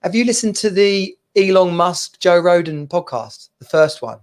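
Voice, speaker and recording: A man in his thirties, co-hosting a relaxed chat show. He tells stories in a lively, animated way and breaks into laughter often. His voice sits a little on the high side. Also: normal speed, clean tone. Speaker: podcast co-host. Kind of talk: casual chat.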